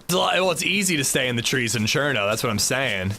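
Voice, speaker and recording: A man talks his way through a game livestream in loose, rambling chat with casual swearing. His tone is bright and forward, and his pitch rises and falls with a lot of life. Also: lively intonation, fast talker, gravelly, a little hiss or hum. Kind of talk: casual gameplay commentary.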